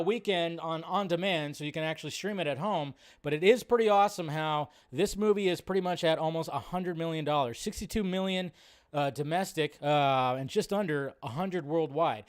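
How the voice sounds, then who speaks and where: A man hosting a live film news stream, talking in a loose, rambling, casual way with lots of fillers. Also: a little high.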